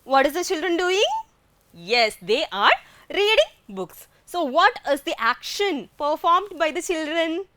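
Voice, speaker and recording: A woman's voice: high-pitched, sing-song, unhurried, pushed and bright, no room sound. A woman with an Indian English accent teaching a grammar lesson, asking questions and answering them herself.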